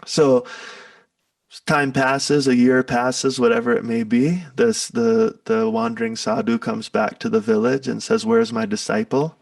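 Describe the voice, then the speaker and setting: Gravelly, rambling man telling a story. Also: medium pitch, measured pace, no room sound, recorded from a distance. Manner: relaxed, rambling, laughs often. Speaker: musician guest. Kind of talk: casual spoken reflection and storytelling.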